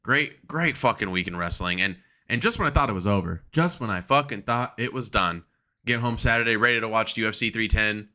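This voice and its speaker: A man co-hosting a casual wrestling podcast, talking excitedly with plenty of swearing. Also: lowish voice, brisk. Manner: excitable, profane, acts out quotes. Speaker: podcast co-host.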